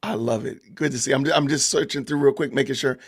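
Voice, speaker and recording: A man's voice: mid-range voice, steady tone, a little fast, breathy edge. A man with a Southern Georgia accent hosting a casual livestream podcast, chatting loosely with viewers and greeting the chat. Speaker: podcast host.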